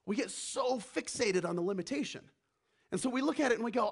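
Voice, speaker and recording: A man preaching a sermon as the pastor, animated, acting out the voices he quotes and dropping to a hush for emphasis. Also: very high-pitched, brisk, vocal fry, slightly rough.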